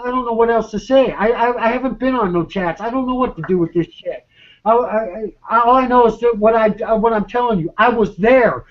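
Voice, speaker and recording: A man rants urgently over an online voice chat, swearing constantly and stumbling over his words as he repeats himself. His voice sits very high for a man. The audio is dull and lo-fi. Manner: profane, urgent, repetitive, stammering. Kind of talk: agitated rant.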